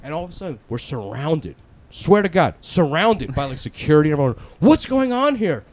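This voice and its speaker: A man in his forties with a New Jersey accent and a fairly high voice tells crude stories in a loose podcast chat. He swears constantly and turns loud and shouty whenever he acts out his friends. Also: lively intonation, fast. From northern New Jersey. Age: 40s. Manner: profane storytelling, loud when quoting friends. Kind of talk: casual chat.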